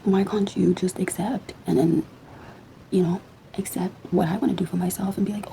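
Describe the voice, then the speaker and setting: A woman's voice: fairly low pitch, steady tone, normal speed, vocal fry, mellow, a little hiss or hum, poor audio. A woman vlogger venting casually to the camera, blunt and full of rhetorical questions, repeating points for emphasis.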